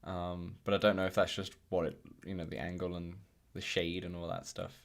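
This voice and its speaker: A man hosts a casual podcast livestream from his home setup, talking into a desk mic on a video call. His voice sits on the low side, and he rambles with plenty of ums and restarts. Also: flat delivery, a little fast, gravelly. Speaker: podcast host.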